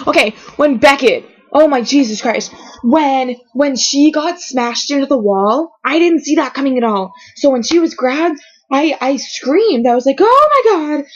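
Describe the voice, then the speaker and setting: Gushing, high-voiced young woman on lo-fi audio. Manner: gushing, rambling and excitable, often trailing off. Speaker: vlogger reacting to a TV episode. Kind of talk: emotional fan reaction vlog. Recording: dull lo-fi webcam audio.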